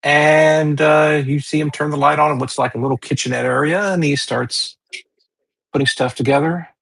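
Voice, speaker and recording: Gravelly husky man running a game. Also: fairly high pitch, fairly even intonation, moderate pace, fairly bright tone, no room sound, rough recording. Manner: rambling with fillers and restarts. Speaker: game master. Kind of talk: narrating a tabletop game.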